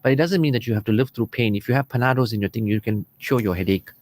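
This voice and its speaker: A man's voice: mid-range voice, fast talker, a little mellow, no echo. Guy doing marriage advice on the radio, earnest, chatty, talks like he's in the studio with you. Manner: earnest and conversational, acts out quoted spouses. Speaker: marriage counselor on a radio programme.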